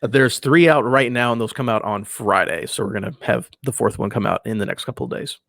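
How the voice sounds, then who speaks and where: Relaxed low-voiced male guest, dry sound. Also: fairly quick, creaky, no room sound. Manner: relaxed, enthusiastic, often trails off softly. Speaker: guest, voice actor and podcaster. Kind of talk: casual interview chat.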